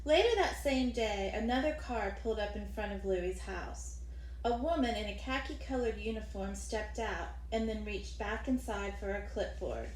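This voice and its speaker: A woman narrating a children's novel in a deliberate, expressive way. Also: medium pitch, roomy sound, slight background noise, poor audio.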